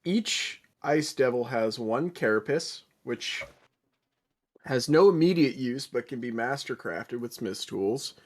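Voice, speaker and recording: A man's voice: medium pitch, lively intonation, slow. Casual man running a tabletop game. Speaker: dungeon master.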